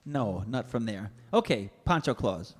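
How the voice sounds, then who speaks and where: A man's voice: on the low side, very animated, measured pace, breathy edge. A man hosting a radio show, bantering playfully in the studio. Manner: playful, teasing. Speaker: radio host.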